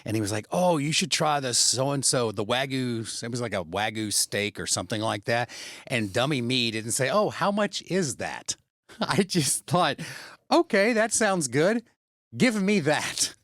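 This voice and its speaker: A man's voice: medium pitch, expressive, normal speed, fairly bright tone, no room sound, clean studio sound. A middle-aged man co-hosting a podcast, telling a rambling, self-deprecating story with frequent laughs. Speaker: podcast co-host. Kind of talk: casual storytelling chat.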